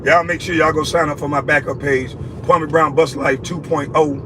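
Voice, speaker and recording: A man's voice: fairly high pitch, fairly even intonation, normal speed, noisy background. A man delivering an angry, profane, repetitive scolding rant aimed at a critic. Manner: scolding, repetitive, heavy cursing. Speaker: vlogger ranting at a critic.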